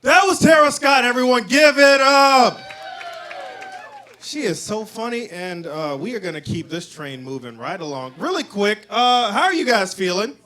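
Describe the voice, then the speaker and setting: A man emcees a live comedy night, hyping the room and bringing up acts. His voice sits very high and swings about with lively range. He talks into a handheld mic on a bar stage. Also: normal speed. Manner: upbeat crowd hype, introducing acts. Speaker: show host, emcee. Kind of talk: emceeing, crowd work.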